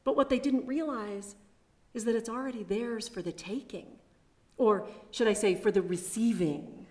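A woman preaching a sermon at a chapel, measured and reflective, with personal asides. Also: a little high, warm tone.

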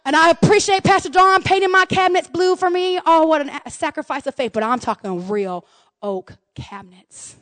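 A middle-aged woman pastor preaching a lively, folksy sermon, swinging from hushed asides to shouted excitement. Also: extremely high pitch, normal speed, no echo. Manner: folksy, says "y'all" and "man".

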